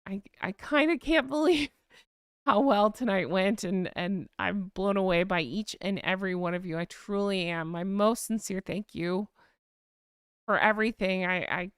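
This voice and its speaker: A woman's voice: mid-range voice, moderate pace, clean tone, no room sound, clean studio sound. A woman from Florida with a Southern accent, hosting a live chat stream and gushing thanks at her viewers. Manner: chatty, self-correcting. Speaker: livestream host.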